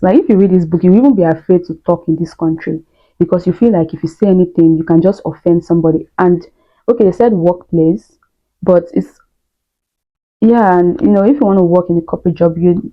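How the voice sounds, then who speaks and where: A young woman from Nigeria with a Nigerian accent, talking candidly and chattily to camera with lots of fillers. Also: fairly low pitch. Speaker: vlogger. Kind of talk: casual talk to camera. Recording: dull lo-fi sound.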